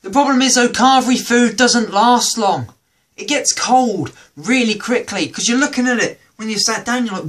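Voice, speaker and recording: Animated British man doing stand-up. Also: very high voice, normal speed. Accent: British English. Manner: animated, acts out quoted voices. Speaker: comedy podcast host. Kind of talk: stand-up comedy routine.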